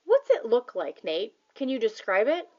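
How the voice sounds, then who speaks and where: A woman's voice: a little high, wildly swooping pitch, normal speed, darkish tone, muffled recording. Woman doing an eager, whooping doctor. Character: excitable doctor, eager egg collector.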